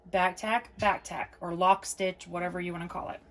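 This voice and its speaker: A chatty woman talks through a quilting tutorial in a gravelly, creaky voice. She repeats each step and reassures the viewer as she goes. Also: fairly low pitch, steady tone, normal speed. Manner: reassuring and encouraging. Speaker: quilting video host.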